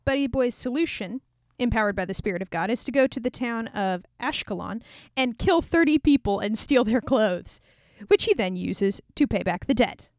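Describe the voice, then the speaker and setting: A woman's voice: fairly high pitch, lively intonation, moderate pace, no echo, studio quality. A young woman casually retelling an old scripture story in a chatty, irreverent way, full of sarcastic asides.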